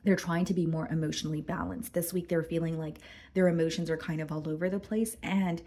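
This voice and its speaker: Husky low-voiced woman reading tarot. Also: fairly even intonation, a little fast, warm tone. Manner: chatty, addresses viewers as guys, many fillers. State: hoarse, losing her voice, clearing throat. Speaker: tarot reader. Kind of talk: casual tarot reading to camera.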